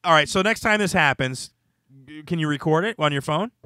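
A man's voice: fairly high pitch, animated, a little fast, pushed and bright, no echo. A man hosting a casual comedy podcast, joking and laughing through banter. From United States. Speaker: podcast host.

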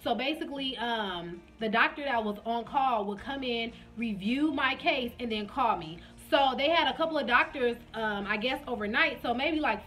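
A young woman vlogger chatting through a personal storytime, talking straight to her viewers and acting out what others said. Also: on the high side. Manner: chatty, addresses viewers directly; animated retelling with quoted dialogue. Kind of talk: casual storytime vlog.

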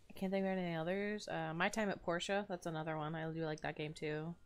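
A woman's voice: low-pitched, flat delivery, fast talker, smooth. A woman streaming a farming game who chats casually and expressively and swears freely. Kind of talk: casual gameplay commentary.

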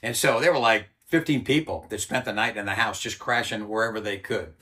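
A man's voice: on the low side, a little fast, pushed and bright. A man in his sixties, a former soldier and interview guest, telling a story bluntly with plenty of swearing and acted-out quotes. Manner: blunt, profane storytelling that acts out quoted voices.

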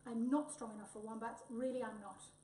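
A woman's voice: fairly high pitch, steady tone, a little fast, warm tone, close to an everyday voice. A woman reading aloud, voicing a fussy, easily flustered male photographer. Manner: fretful. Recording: echoey room, voice from far off.

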